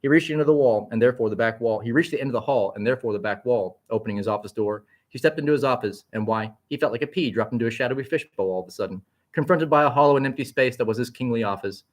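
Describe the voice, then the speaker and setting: A man narrating a story aloud in a quick, vivid, expressive style. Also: mid-range voice. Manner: quick, vivid, occasional slips and restarts.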